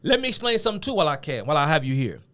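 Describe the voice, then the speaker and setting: High-voiced man lecturing emphatically. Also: sing-song, very fast, fairly bright tone. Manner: emphatic, conversational, uses casual slang. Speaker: political commentator. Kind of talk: lecture-style video commentary.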